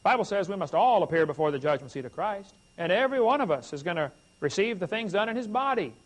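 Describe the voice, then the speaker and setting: A man's voice: high-pitched, quick pace. A middle-aged man preaching a sermon, telling humorous stories and talking straight to the crowd. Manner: animated, humorous, addresses the crowd directly. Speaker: evangelist preacher. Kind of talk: folksy storytelling sermon.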